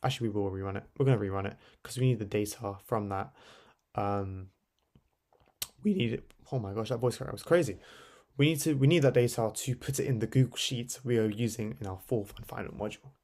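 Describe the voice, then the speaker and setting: Chatty man, gravelly and mellow. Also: on the low side, fast talker. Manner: chatty, loose, lots of fillers and tag questions. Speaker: tutorial host. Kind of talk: casual screen-recorded tutorial.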